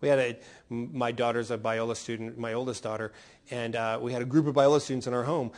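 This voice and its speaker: A middle-aged man preaching a sermon as a pastor, animated and full of rhetorical questions. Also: medium pitch, fast talker. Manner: animated, rhetorical questions, voicing quoted speakers.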